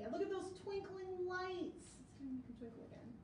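Lady librarian doing storytime, high bouncy voice, echoey room, kinda far from the mic. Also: fairly quick, few pauses, a little hiss or hum. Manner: animated, sing-song read-aloud with sound effects. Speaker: children's librarian. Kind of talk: reading a picture book aloud to kids.

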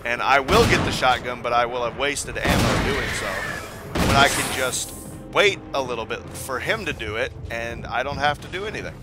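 Speaking at a moderate pace in a mid-range voice, a young man hosts a gaming video with casual let's-play commentary. He rambles and repeats himself while thinking aloud, over game music.

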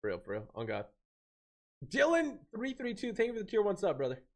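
A man live-streaming a game, chatting in slang, reacting loudly and thanking viewers for donations. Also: high voice, a little fast. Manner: loud hype outbursts, slangy and excitable, reads donations aloud. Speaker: gaming streamer. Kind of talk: live-stream chat while gaming.

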